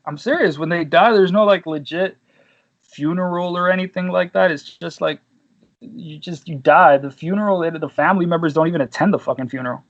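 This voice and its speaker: A man's voice: fairly high pitch, fairly quick, muffled recording. A man hosting a casual podcast chat, telling rambling stories full of slang and swearing. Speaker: podcast host.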